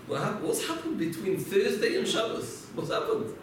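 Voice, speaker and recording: A man's voice: high voice, big pitch swings, normal speed, few pauses, slight background noise. A man giving a religious lecture, telling stories and asking and answering his own rhetorical questions. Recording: echoey room, mic far off.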